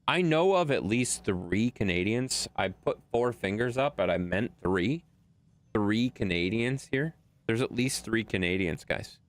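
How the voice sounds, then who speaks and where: A man's voice: fairly low pitch, a bit bright. A man from Wisconsin live-streaming a game and chatting bluntly with his viewers, swearing and bickering with them as he plays.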